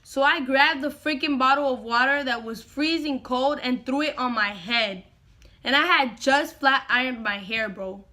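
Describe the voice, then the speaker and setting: A young woman recounts a story to her followers in a casual vlog. Her voice sits high and sounds bright, and she talks in an animated way, dropping "bro" into her sentences. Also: moderate pace. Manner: animated, slangy, says "bro" often. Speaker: vlogger.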